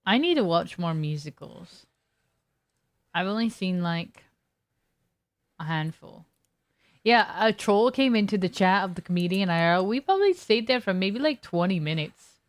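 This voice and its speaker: A young woman streams a video game and chats casually with her viewers, telling a long, rambling story full of fillers and restarts. Her mid-range voice is expressive and normal in speed, she pauses often, and there's no room sound.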